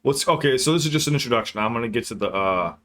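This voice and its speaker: A man's voice: mid-range voice, expressive, very fast, background noise. A man hosting a reaction video, making blunt, profane asides with casual laughter.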